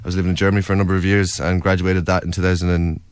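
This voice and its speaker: A man's voice: deep voice, little pitch movement, racing, smooth, dry recording. A young Irish man, a documentary filmmaker, earnestly recounting his experiences in an interview with many fillers. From Ireland, County Wicklow. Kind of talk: interview storytelling.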